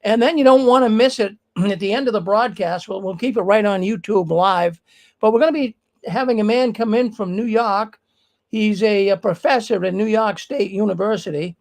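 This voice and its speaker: Male livestream host, casual emphatic commentary, fry in the voice. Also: sits high, moderate pace, low-quality recording. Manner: emphatic, talks straight to the viewers. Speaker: livestream news show host. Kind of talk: casual live commentary on news.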